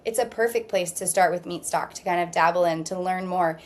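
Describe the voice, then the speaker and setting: Calm, reassuring woman practitioner guest. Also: lowish voice, fairly quick. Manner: steady, reassuring, explains at length. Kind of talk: calm explanatory interview talk.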